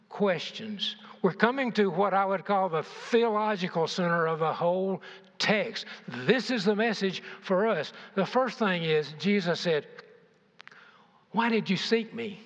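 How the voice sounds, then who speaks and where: An older man preaching a sermon, asking his congregation rhetorical questions and shifting his emphasis. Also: high-pitched. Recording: dull, echoey church hall.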